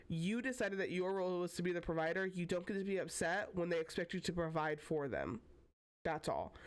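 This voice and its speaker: A young woman giving casual reaction commentary as host, emphatic and blunt, swearing casually. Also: on the low side.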